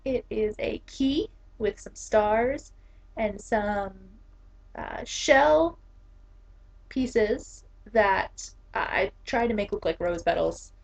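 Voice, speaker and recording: A woman's voice: mid-range voice, lively intonation, extremely slow, creaky. A young woman in her twenties, an English teacher, chatting casually to the camera with lots of fillers and laughs. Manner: chatty, giggly, many fillers. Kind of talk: casual vlog talk. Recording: dull lo-fi camera audio.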